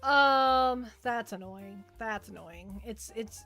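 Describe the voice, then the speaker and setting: A young woman chats on a livestream in a bright, fairly high voice, rambling and stumbling over repeated words as she answers her viewers. Faint music plays behind her. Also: normal speed. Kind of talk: casual chat with live chat.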